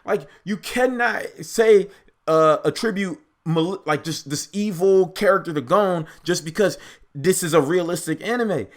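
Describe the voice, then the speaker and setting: A young man with a slightly higher voice talks off the cuff as an anime reaction host. He rambles and argues his point hard, packing his sentences with filler words and restarts. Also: a little slow. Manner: rambling, filler-heavy, argumentative. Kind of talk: casual unscripted commentary.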